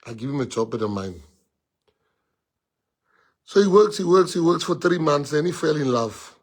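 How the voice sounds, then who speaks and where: A man's voice: a little high, animated, normal speed, husky. A man with a South African accent, a party leader telling a colloquial, laughing story to members.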